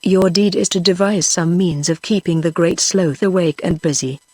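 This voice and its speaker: A woman's voice: on the low side, normal speed, no echo, lightly acted. Older man, pompous and official; synthetic woman reader, storybook quest-giver. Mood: briefing. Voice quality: even synthetic voice. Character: pompous old man, Mister Noah, briefing a boy.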